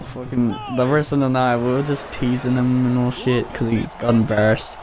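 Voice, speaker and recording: A man's voice: medium pitch, flat delivery, moderate pace. A young man, probably in his teens, telling a rambling, giggly personal story as a vlogger in casual speech. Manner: rambling, giggly, jumps into loud quoted voices.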